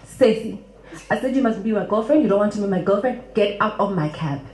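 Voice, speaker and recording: A woman's voice: medium pitch, animated, brisk, a little mellow, natural voice. A woman voicing a pushy male cab driver who is blunt and insistent, in a roomy hall.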